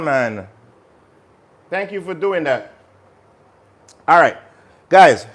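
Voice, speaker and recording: Energetic man hosting a cooking stream. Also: on the high side, drawn-out words, pauses often. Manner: energetic, chatty, talks to viewers directly. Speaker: cooking channel host. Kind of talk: casual live cooking stream.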